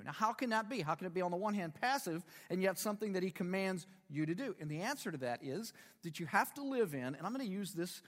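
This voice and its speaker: A man in his fifties delivers a sermon in a chatty, joking way and keeps checking that his listeners follow. His voice sits fairly high and jumps around a lot. A long reverb hangs behind him, as in a large hall. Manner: conversational preaching with rhetorical questions and humor. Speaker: pastor.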